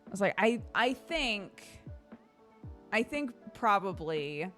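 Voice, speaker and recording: Woman streamer rambling to chat, pitch bouncing all over, bit of quiet music behind. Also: takes it slowly. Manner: animated, laughing storytelling with frequent fillers. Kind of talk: casual chat with viewers.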